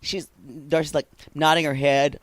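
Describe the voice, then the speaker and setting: A man's voice: fairly high pitch, little pitch movement, moderate pace, no echo. A man co-hosting a podcast, giving snarky, gossipy takes on reality TV in casual chat. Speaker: podcast co-host.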